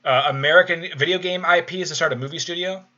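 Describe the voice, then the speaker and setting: A man's voice: on the high side, quick pace, bright, forceful tone, highs cut off. A man co-hosting a live stream podcast, chatting casually with hesitant restarts while running the chat.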